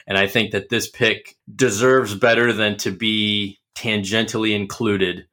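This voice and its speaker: A man's voice: lowish voice, level tone, measured pace, sharp tone. A man hosting a casual podcast chat, ribbing his friends in a joking, mock-dramatic way. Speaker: podcast host.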